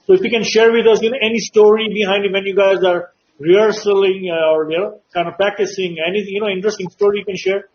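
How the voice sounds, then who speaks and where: A man's voice: high voice, steady tone, fast talker. A man hosting an interview, asking questions in a rambling way full of fillers. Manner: rambling, many "like" and "you know". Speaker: talk show host. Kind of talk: casual interview chat. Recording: dull lo-fi audio.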